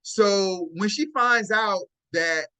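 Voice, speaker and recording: Man, host, bright tone, slightly high voice, live-stream dating advice, chatty, phone mic. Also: takes it slowly, clean tone. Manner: chatty, repeats "right?" often, chuckles while talking.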